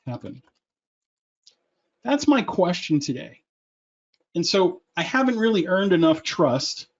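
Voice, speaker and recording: Guy doing a salesy webinar pitch, average pitch, kinda muffled lo-fi sound. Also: darkish tone. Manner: persuasive salesy pitch with asides. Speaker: webinar presenter. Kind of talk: webinar presentation. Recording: muffled lo-fi audio.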